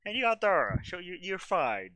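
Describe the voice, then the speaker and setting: Bright, lively joking man player. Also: sits high, moderate pace, slight background noise. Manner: joking, blunt, swears casually. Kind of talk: casual tabletop game chat.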